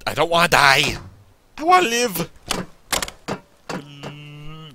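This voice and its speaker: A man giving chatty gameplay commentary, joking back at the game and yelling in panicked bursts when he is attacked. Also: on the high side, lively intonation, takes it slowly, pauses often, slight background noise. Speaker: let's play gamer.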